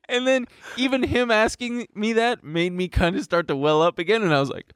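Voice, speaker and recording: A young man casually telling a story in an animated way, laughing and swearing as he goes. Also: sits high, unhurried, clear, resonant tone, dry recording, studio quality.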